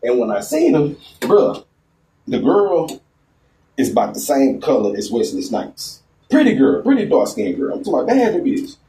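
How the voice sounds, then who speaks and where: A man's voice: fairly high pitch, wildly swooping pitch, moderate pace, dark tone, roomy sound, distant mic, rough recording. A man telling a story in a laid-back, profane, rambling way outdoors. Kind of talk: casual storytime vlog. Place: outdoors in a garden.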